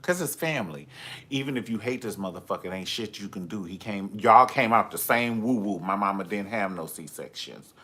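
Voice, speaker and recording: A man's voice: on the low side, expressive, normal speed, sharp tone. Sassy, profane man telling stories. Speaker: livestream host. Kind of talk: comedic storytelling. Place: at home.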